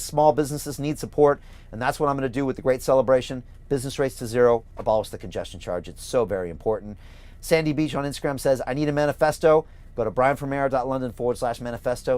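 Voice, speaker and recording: A man's voice: medium pitch, a little mellow. A middle-aged man with an American accent speaks in a mid-range voice, reading viewer comments aloud in a livestream. He pushes his points with emphatic, repetitive, rallying energy, like a campaigner urging people to vote. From California, USA. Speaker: host and mayoral candidate.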